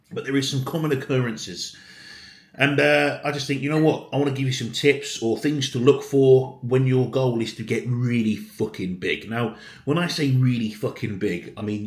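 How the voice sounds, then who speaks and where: Blunt sweary bodybuilder vlogging. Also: male voice, mid-range voice. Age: around 30. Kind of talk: casual vlog talk to camera. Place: home, indoors. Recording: echoey room.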